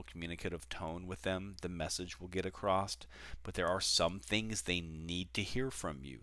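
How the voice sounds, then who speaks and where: A man's voice: sits low, fairly bright tone, dry recording. A man teaching a recorded online class as a flight instructor, explaining casually with frequent fillers and restarts.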